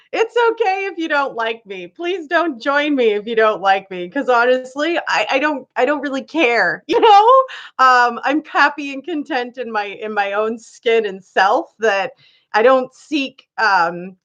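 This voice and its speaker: A woman hosts a casual live-stream chat, greeting her viewers by name and laughing often as she reads their comments. She speaks slowly in a fairly high voice. The audio is muffled and lo-fi. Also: animated, a bit bright.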